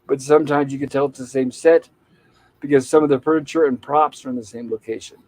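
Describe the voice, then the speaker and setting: A man with a mellow, dark voice walks through a TV episode scene by scene in casual chat. He talks steadily and drops the characters' lines in without changing his voice. The sound is dry and close. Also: mid-range voice, fairly even intonation, fast, no echo, low-quality recording. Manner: retells scenes at length, quoting lines in plain voice. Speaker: podcast co-host recapping episodes.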